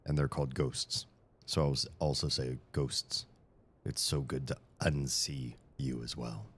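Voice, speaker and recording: A man's voice: extremely low pitch, steady tone, measured pace, fairly bright tone, slightly rough. A tired man hosting a live stream in casual chat, rambling and joking with frequent stammered restarts, into a studio microphone in a room with shelves.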